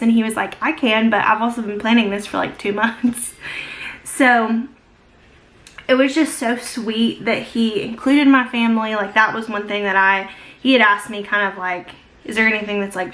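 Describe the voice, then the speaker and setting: Fairly high and fairly bright, the voice belongs to a young beauty vlogger chatting as she applies makeup. Her get-ready-with-me talk is casual and effusive, full of fillers and "like" after "like."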